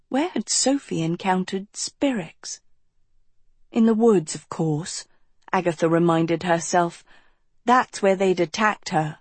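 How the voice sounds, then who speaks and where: A woman reading a fantasy novel aloud as audiobook narrator, measured and clear. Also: mid-range voice, no room sound.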